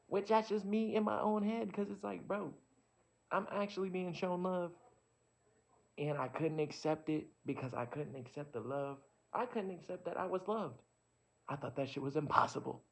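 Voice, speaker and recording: A man's voice: sits high, normal speed, vocal fry. A man in a casual reflective monologue, talking candidly and profanely and rambling as he works through his own thoughts. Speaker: vlogger. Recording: dull lo-fi sound.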